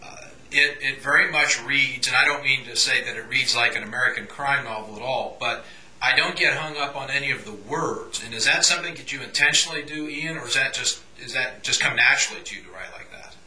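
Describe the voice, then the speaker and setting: A man's voice: mid-range voice, fairly quick, sharp tone. A man hosting an interview, asking questions in a hesitant way with many fillers. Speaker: interviewer host. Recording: echoey room.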